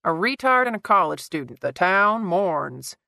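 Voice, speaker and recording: A woman's voice: medium pitch, sing-song, moderate pace, a bit bright, no room sound, studio quality, pitched above the performer's own voice. Lady reading a smug jokey guy in a thriller audiobook, brushes off everything. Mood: mocking. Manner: flippant, mocking. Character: teasing sardonic adult man, card-playing friend.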